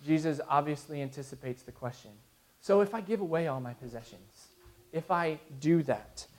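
A man's voice: on the high side, animated, moderate pace. A man in his thirties preaching a sermon to his congregation, earnest, with frequent restarts. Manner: earnest, with restarts and soft laughs. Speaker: pastor.

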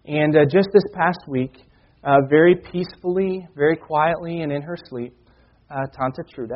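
A pastor with a slightly high voice preaches a sermon earnestly, slowing down for emphasis and reading Scripture with rising force. The recording has a dull lo-fi sound.

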